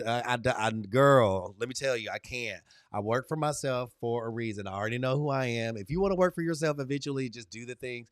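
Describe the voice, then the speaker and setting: A man hosts a live stream, calling out viewers by name and slipping into motivational pep talks. His delivery is animated and encouraging, with big swings in pitch and loudness. The sound is dry and close, with no room echo. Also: a little fast, few pauses, smooth. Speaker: livestream host. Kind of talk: lively livestream chat with viewers.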